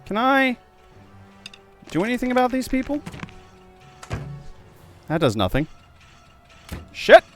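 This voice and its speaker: A young man playing a video game and commenting, excitable, jumping from loud yelps to quiet muttering. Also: very high voice, measured pace, pauses often, faint music behind. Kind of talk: let's play commentary.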